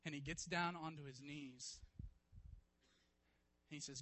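A man preaching a sermon, retelling a story vividly and swinging from hushed to loud, emphatic passages. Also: a little high, fairly even intonation, a little slow, long pauses, poor audio. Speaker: pastor.

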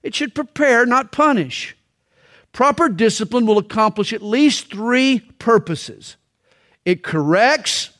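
A middle-aged man preaching a sermon on parenting, telling stories with dramatic pauses and slow, weighty emphasis. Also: sits high, fairly bright tone. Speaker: pastor.

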